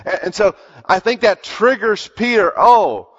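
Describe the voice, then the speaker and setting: A man's voice: high-pitched, normal speed, fairly bright tone. A man preaching a sermon, retelling Bible stories in an earnest, emphatic way and repeating words to stress his points. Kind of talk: sermon storytelling. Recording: long hall reverb, dull lo-fi sound.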